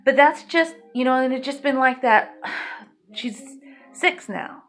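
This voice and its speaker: A woman's voice: sits high, takes it slowly, fairly bright tone. A woman telling her own life story as a mother, emotional and rambling, speaking bluntly and swearing.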